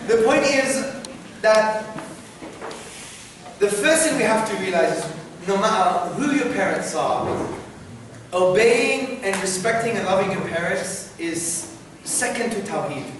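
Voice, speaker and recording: A man answering student questions in a university lecture hall, animated and often checking in with "yeah?". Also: high voice, measured pace. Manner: animated, repeats "yeah?" to the audience. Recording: very echoey hall, noisy, from far off.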